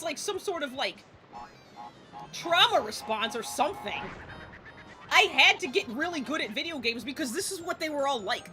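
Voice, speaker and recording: A woman streamer around forty talks through a game live in a high voice that jumps all over the place. She sounds exasperated and swears freely. Faint game music plays underneath. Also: bright, forceful tone. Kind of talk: casual live gameplay commentary.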